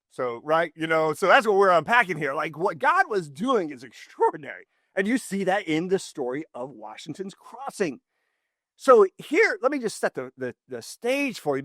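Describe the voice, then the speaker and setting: A man hosting a casual history talk show, rambling, with frequent restarts and lively swings in emphasis. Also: no echo, studio quality. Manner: rambling, restarts often, animated swings in pitch. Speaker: podcast host.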